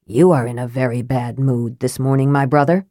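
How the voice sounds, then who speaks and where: A woman doing a cool, flat-voiced wizard. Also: rumbling low, no room sound, clean studio sound, pitched below the performer's own voice. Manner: flat, measured, precise. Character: cool, calculating young male wizard.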